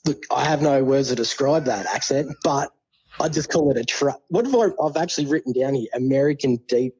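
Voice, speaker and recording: A man's voice: mid-range voice, animated, fairly quick, a little mellow, breathy edge, highs cut off. A man with an Australian accent, calling in to a podcast and giving a casual, swear-laden review. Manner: laid-back, swears freely, chummy slang. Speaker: caller. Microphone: phone call.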